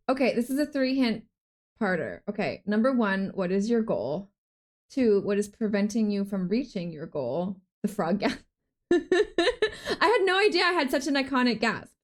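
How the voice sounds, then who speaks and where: Excitable woman streamer, gasps a lot. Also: fairly high pitch, normal speed. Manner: excitable, gasping, chatting with viewers. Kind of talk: live gameplay stream chat.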